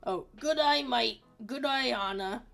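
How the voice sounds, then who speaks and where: Woman doing a hammy mock Australian voice, loud and playful, high-pitched, over soft background music. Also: unhurried, gravelly. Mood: goofy. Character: woman's joking fake Australian bloke-speak.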